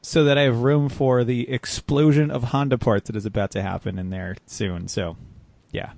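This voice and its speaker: A man's voice: mid-range voice, fairly even intonation, normal speed, creaky, darkish tone, no room sound. Rambling man on a casual podcast. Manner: rambling, wry storytelling with restarts. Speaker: podcast host.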